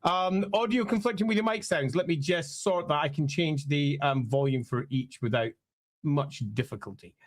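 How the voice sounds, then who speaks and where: A man's voice: fairly high pitch, normal speed. A man from the UK chatting casually on a live stream, rambling with friendly asides. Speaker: streamer reacting to a trailer.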